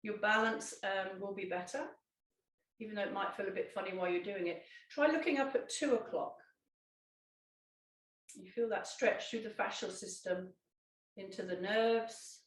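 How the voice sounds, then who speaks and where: A woman, a Pilates instructor gently guiding a seated exercise, with calm instructions and small self-corrections. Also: medium pitch, moderate pace, pauses often, distant mic. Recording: echoey room, voice off-mic.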